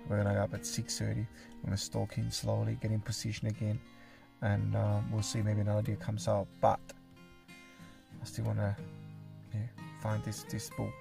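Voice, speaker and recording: Gravelly man vlogging outdoors. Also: fairly low pitch, monotone, normal speed, over music. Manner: casual, swears, talks to viewers as guys. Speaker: hunting vlogger. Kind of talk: hunting vlog to camera. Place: outdoors in wet bush.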